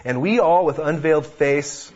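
A man preaching a sermon, emphatic, swinging between loud passages and hushed ones, on a dull lo-fi recording. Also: fairly high pitch, normal speed. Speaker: pastor.

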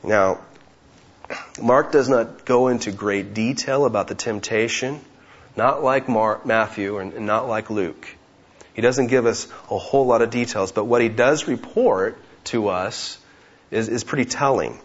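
A man's voice: mid-range voice, a little slow, muffled recording. A man preaching an expository sermon, who keeps asking rhetorical questions and acts out the voices of the people in the story.

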